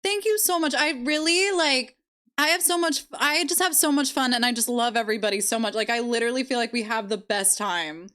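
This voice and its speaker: A woman's voice: on the high side, fairly quick, pushed and bright. A woman live-streaming, chatting casually with her viewers and laughing often. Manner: giggly, bubbly, laughs often.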